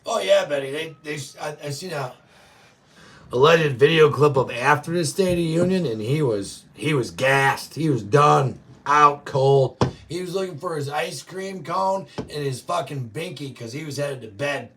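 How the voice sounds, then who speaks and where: A man hosting a show, ranting profanely and yelling often, reacting to live chat. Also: fairly high pitch, lively intonation, moderate pace, far from the mic. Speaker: show host. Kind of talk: political rant to live chat.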